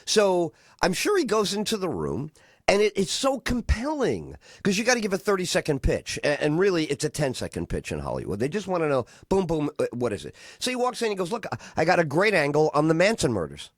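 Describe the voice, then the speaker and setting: Animated, rambling male radio host. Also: fairly high pitch, brisk, no echo, studio quality. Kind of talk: casual radio chat.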